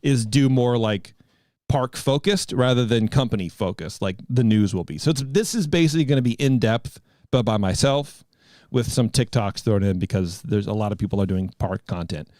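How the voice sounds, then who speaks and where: A man's voice: lowish voice, normal speed, warm tone, no echo, clean studio sound. A man in his thirties hosting a podcast, telling a rambling story in casual chat. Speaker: podcast host.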